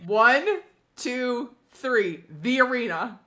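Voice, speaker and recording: Lively, bright-voiced woman co-host. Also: fairly high pitch, slow. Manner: wry, laughing, steers the segments. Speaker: podcast co-host. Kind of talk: casual hockey chat.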